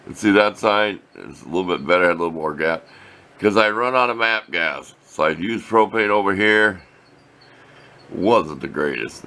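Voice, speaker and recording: An older man with a very low voice talks through his workshop projects in a folksy, meandering way. His pitch swings up and down freely as he explains things. A faint hum of noise sits behind him. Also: fairly bright tone. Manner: folksy, rambling, plain-spoken. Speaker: workshop video host. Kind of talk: casual workshop show-and-tell. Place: home workshop.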